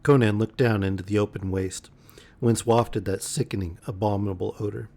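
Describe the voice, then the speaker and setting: A man reading a pulp fantasy novel aloud as a bedtime story, measured with occasional slips. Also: fairly low pitch, fairly even intonation, vocal fry, mellow.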